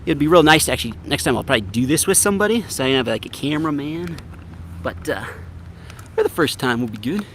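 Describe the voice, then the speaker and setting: With a fairly high, lively voice and quick delivery, a fishing vlogger talks directly to his livestream audience through a tripod camera. He's upbeat and casual as he cooks outside on a riverbank, and loud background noise comes through the outdoor camera audio.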